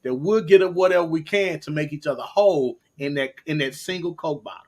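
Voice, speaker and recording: A man's voice: fairly high pitch, brisk, a little mellow. A man from Africa chatting on a panel, explaining things with a homely analogy. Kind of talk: casual chat.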